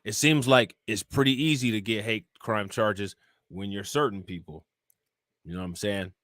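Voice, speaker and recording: A man hosts a live-stream crime show, reading charges, reports and chat aloud, then reacting and questioning viewers in a loose, conversational way, repeatedly asking "you know what I'm saying?" His voice is on the low side and a bit bright, at a moderate pace, in a studio-quality recording with no echo.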